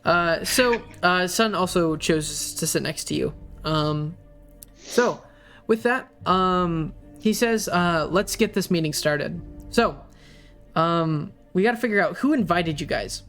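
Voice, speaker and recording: A man narrating as game master, pausing often with fillers as he describes what happens. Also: high voice, fairly bright tone, soft background music. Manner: hesitant, many fillers while narrating.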